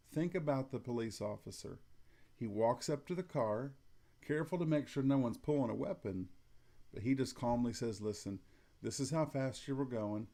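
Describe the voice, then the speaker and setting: A middle-aged man giving calm, matter-of-fact advice to umpires, acting out what to say to coaches in a flat, even tone. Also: mid-range voice. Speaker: umpire instructor. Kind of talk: instructional talk to umpires.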